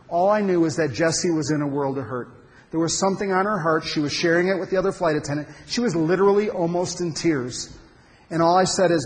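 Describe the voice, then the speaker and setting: A man with a high voice tells a personal story to a men's gathering, emphatic and animated, with pauses for effect. His words echo through a large hall with a long reverb. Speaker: speaker at a men's conference. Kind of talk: storytelling talk to an audience.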